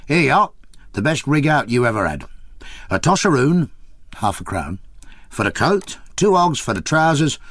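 A man's voice: mid-range voice, sing-song, moderate pace, long pauses, a bit bright, no room sound, clean studio sound, voice pushed up. A man voicing a brash male newspaper seller who haggles in slang. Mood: haggling.

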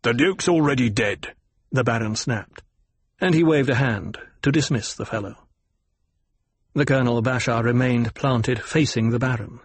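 A man narrating an audiobook in a measured way, slowing on descriptions. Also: mid-range voice, steady tone, breathy edge, dry recording. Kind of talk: scripted narration.

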